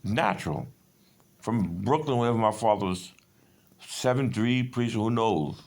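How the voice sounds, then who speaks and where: A man's voice: lowish voice, a little slow, a little mellow. A man in his fifties in a rambling personal monologue, agitated and profane, jumping between stories. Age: 50s. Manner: agitated, profane, digressive storytelling.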